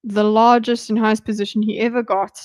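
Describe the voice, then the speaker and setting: A woman's voice: a little high, level tone, a little fast, a little mellow, dry recording. A woman streaming live commentary on a debate video, chatty and giggly, talking back to the clip.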